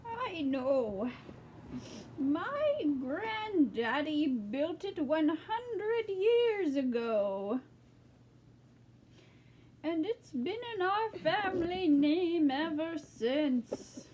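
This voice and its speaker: A woman's voice: very high voice, sing-song, very slow, darkish tone, lo-fi sound. A woman narrating a pretend farm game with plush toys in a sing-song storytelling manner. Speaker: playing with plush toys alongside a child. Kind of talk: toy play narration. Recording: background noise.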